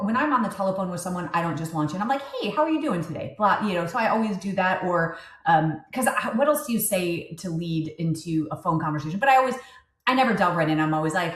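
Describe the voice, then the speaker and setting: Candid woman in her fifties, echoey room. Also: fairly low pitch. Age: 50s. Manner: candid, animated storytelling with asides. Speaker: podcast co-host. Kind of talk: casual chat.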